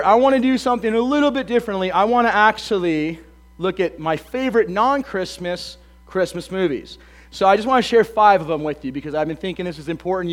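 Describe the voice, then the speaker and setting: A slightly hoarse man in his thirties, a pastor giving a casual, joking sermon full of ums and uhs. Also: high voice. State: a bit hoarse.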